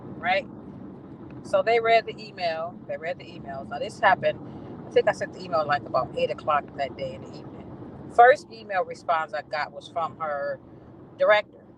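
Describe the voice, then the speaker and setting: Brief: lively woman vlogger telling a story with plenty of swearing, in a car with faint road noise behind. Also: lowish voice, normal speed. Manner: animated, profane storytelling. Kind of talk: casual venting monologue. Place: in a car on the ride home.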